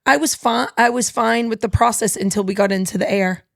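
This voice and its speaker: A woman in her thirties hosting a casual podcast, talking in an energetic, chatty way. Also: a little high, a little fast, gravelly, no echo, clean studio sound. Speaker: podcast host.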